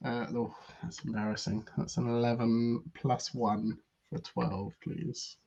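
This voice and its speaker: Husky man playing a tabletop game. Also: medium pitch, unhurried. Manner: relaxed, describes his character's actions in third person. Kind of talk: casual game chat. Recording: dull lo-fi mic.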